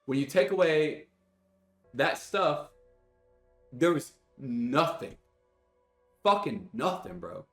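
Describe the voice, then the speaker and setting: A young gaming streamer curses his way through an angry rant to chat, very animated yet slow, at medium pitch with long pauses. He sounds exasperated and sighs heavily. There's a roomy echo and faint music.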